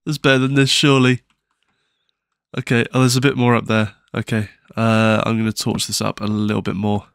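A man's voice: lowish voice, level tone, normal speed, vocal fry, long pauses, dry recording, studio quality. A man giving casual, nervous commentary while playing a video game, with frequent startled exclamations and self-mocking asides. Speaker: gaming channel host.

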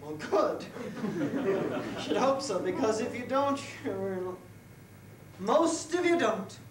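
A woman's voice: a little high, animated, takes it slowly, a loud crowd. Maggie, a giggly angel in training, acted by a woman. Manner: giggly, chatty, addresses the audience directly. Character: flustered female goddess-in-training angel, lost in time. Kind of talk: live solo theater performance. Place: small cabaret stage with a live audience. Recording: echoey live room, distant mic, background noise.

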